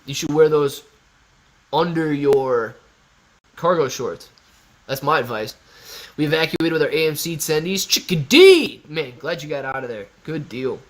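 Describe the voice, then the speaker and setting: A young man from Ohio chats casually on a live stream, his voice pitched a little above the usual male range. He reads viewer comments aloud and riffs on them in an easygoing, bro-ish way, close to a desk mic. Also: normal speed, long pauses. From Ohio, USA. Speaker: livestream host answering chat.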